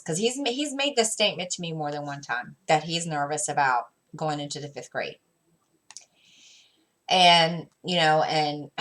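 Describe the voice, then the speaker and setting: This deep yet somewhat bright voice belongs to a crafting vlogger, a mother in her thirties telling a casual story at home. Her telling rambles, full of fillers and restarts, as she acts out what she and her son said to each other.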